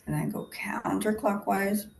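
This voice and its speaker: A woman leading a face yoga class over a video call, giving calm step-by-step cues and counting breaths. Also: medium pitch, a little slow, gravelly. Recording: video call audio with faint background noise.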